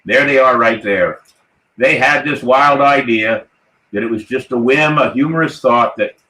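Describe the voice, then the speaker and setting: Man, podcast host, playful pirate captain persona, hearty, mid-pitched, roomy echo. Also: fairly bright tone. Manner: hearty, toasting, rallying the crew.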